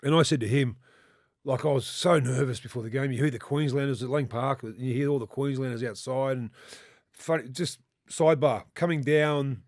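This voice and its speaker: An Australian man in his fifties, a former rugby league player, telling rambling, animated stories in casual chat and swearing freely. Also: medium pitch, a little fast, no echo, clean studio sound. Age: 50s.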